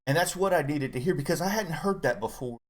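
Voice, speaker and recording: A middle-aged man telling a candid personal story in casual chat, earnest and halting as he opens up. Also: on the high side, lively intonation. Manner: earnest, halting, open about emotion. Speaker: co-host guest dad.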